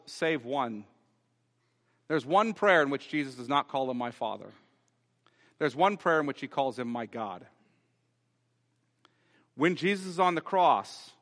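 A man's voice: fairly high pitch, a bit bright, big-room sound. A man preaching a sermon as pastor, earnest and building to raised, emphatic delivery. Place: church sanctuary.

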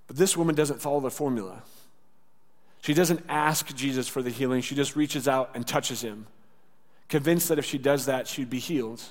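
A man preaching a sermon in a casual, conversational way. He acts out quoted lines and drops to a soft voice for tender words. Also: medium pitch, moderate pace. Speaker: pastor. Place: church sanctuary. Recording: church hall with long reverb.

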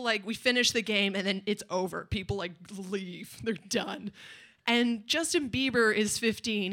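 Woman, comic storyteller, live stage, rambling and self-mocking, chats with the crowd, bright tense tone. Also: a little high.

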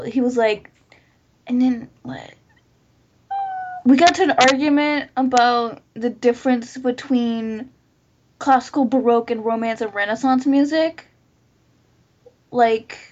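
A woman telling stories in a casual group chat, swearing freely and filling her talk with "like". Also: on the high side. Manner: profane, animated storytelling with lots of "like". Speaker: podcast host. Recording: lo-fi muffled recording.

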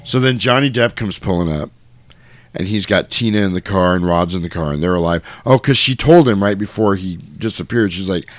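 In a dry recording, a man with a deep voice talks briskly as he casually recaps a film's plot for his podcast co-host. He retells it with animation, acting out the lines himself.

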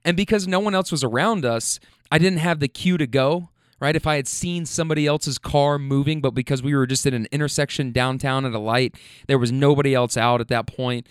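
Clear-voiced man telling a driving story. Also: medium pitch, a little fast, hardly any pauses, no echo, studio quality. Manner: candid, profane, laughs often. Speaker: rideshare driver telling a story. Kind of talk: casual storytelling.

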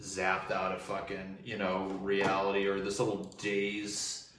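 A young man rants in a loose, rambling monologue, swearing freely and working himself up as he talks. His voice sits a little low. The sound is roomy and echoey, picked up from some distance off the mic. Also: monotone, a little slow, fairly bright tone, a little hiss or hum. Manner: profane, heated and rambling. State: drinking wine. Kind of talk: casual monologue vent.

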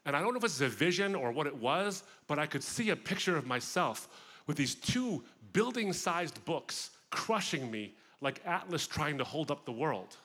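A man giving a personal testimony talk at a festival, telling his story with expressive, vivid asides. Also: medium pitch. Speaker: guest speaker.

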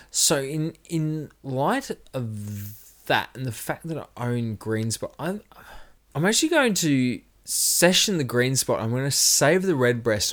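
A man co-hosting a podcast, chatting casually and often restarting his sentences. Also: medium pitch. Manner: animated, restarts and self-corrections. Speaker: podcast co-host. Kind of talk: casual whisky podcast chat.

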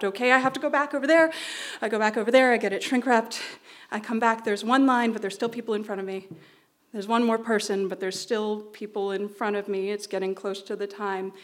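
A woman telling a personal story on stage at a live storytelling event, in an animated, anxious way with quick run-on phrases. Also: on the high side. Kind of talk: live storytelling before an audience.

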